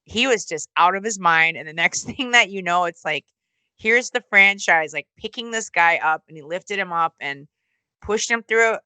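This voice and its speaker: A bright, forceful woman's voice, recorded dry and close with no room sound. She is middle-aged and tells stories in a loose, casual way, swearing freely. She acts out what people said with sudden jumps in pitch. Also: expressive, normal speed, clean tone, no echo, poor audio. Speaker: interview guest, former wrestling announcer and musician. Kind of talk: casual storytelling.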